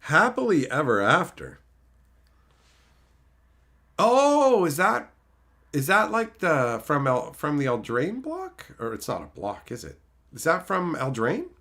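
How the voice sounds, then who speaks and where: Animated male streamer reading chat. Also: a little high, slow, pauses often. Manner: animated, reads chat names aloud, swears freely. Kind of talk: casual live-stream chat.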